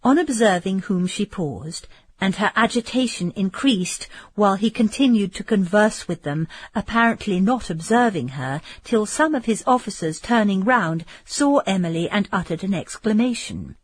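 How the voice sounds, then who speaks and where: A woman reads a classic novel aloud in a measured, expressive way. Her voice sits at mid pitch with a breathy softness, and the sound is close and dry. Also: no room sound. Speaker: audiobook reader. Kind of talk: audiobook narration of a Gothic novel.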